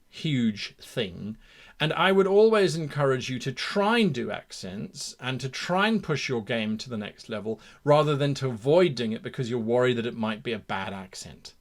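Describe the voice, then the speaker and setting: A middle-aged man hosting a game master advice show, talking through his own mistakes in a reflective, self-critical way with lively emphasis. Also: fairly high pitch. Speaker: game master tips host. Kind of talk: talking-head advice monologue.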